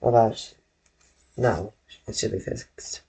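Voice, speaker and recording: A man's voice: fairly low pitch, fairly even intonation, creaky, mellow, slightly rough. A man drawing on a live stream from his bedroom, rambling to his viewers and often correcting himself. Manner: slow, rambling, self-correcting, talks to chat. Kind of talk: casual live-stream chat while drawing.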